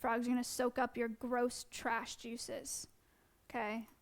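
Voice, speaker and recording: A woman with a high, smooth, clear voice talks quickly through a casual live-stream lesson about animals. She keeps dropping fillers and rushes from point to point. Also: flat delivery. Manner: fast-talking with frequent fillers. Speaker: wildlife educator and streamer.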